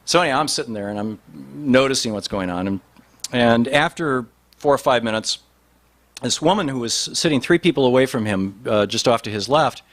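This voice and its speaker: A man's voice: mid-range voice, lively intonation, fairly quick, a bit bright. A man telling a long anecdote in a rambling way, full of restarts and fillers. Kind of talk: storytelling talk.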